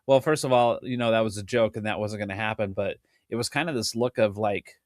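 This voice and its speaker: A man's voice: on the low side, brisk, no echo, studio quality. Rambling man hosting a drum podcast. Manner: rambling, self-interrupting, laughs often. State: has the hiccups. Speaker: podcast host and drum teacher. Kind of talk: casual chat.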